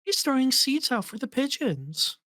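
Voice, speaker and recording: A woman's voice: high-pitched, very animated, normal speed, sharp tone, a little hiss or hum, voice pushed up, heavily acted. A woman reading the lines of a chatty young woman sidekick in a game read-along.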